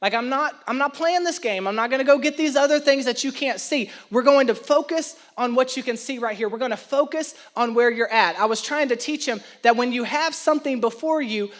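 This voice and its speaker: A man's voice: very high-pitched, a little fast, few pauses. A young man preaching a sermon, telling a self-mocking story about his son and building to emphatic points. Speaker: pastor.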